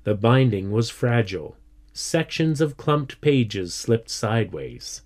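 A man reading a children's story aloud as narrator, deliberate and steady. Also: medium pitch. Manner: slow, deliberate. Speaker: reader.

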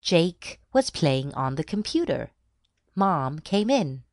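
A woman reading a children's storybook aloud, slow, deliberate and expressive. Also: deep voice, no echo, clean studio sound. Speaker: narrator.

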